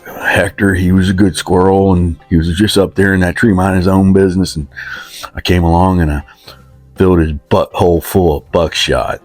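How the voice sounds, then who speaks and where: Low-voiced man in his fifties. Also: little pitch movement, normal speed, no echo, soft background music. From West Virginia. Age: 50s. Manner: rambling, self-mocking, talks about himself in third person. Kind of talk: rambling comic monologue.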